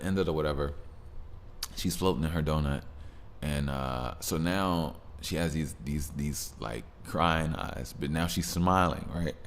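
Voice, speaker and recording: Man, extremely low voice, laid-back rambling podcast talk, faint background hiss. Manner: rambling and laid-back, with many fillers and restarts. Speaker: podcast host. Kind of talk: casual solo podcast monologue.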